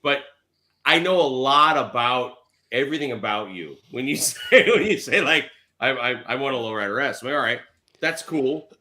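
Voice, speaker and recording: Male podcast host, bright tone, animated joker. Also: medium pitch, normal speed. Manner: joking, animated storyteller. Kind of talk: casual chat.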